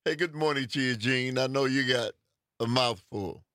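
A man hosting a call-in radio show, friendly and quick to laugh. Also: mid-range voice, fairly bright tone, no echo, clean studio sound. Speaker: radio host.

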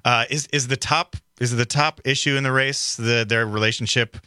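Bright-voiced radio talk show host, man. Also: medium pitch, fairly even intonation, smooth, dry recording, studio quality. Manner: loose, joking, halting.

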